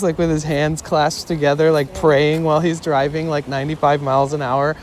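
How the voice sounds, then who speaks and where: A man's voice: on the high side, flat delivery, moderate pace. Young man rambling a story outdoors. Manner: rambling, full of "like" fillers, swearing, laughing. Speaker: IRL streamer. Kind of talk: casual storytelling on a live stream. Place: outdoors in a city. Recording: outdoor street noise.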